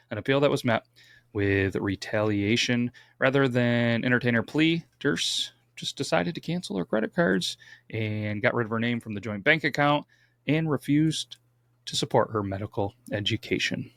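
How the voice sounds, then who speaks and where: Male podcast co-host, gravelly, dry close mic, relaxed true crime storytelling with wry asides. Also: mid-range voice, normal speed, no room sound. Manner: reads case notes, adds wry asides.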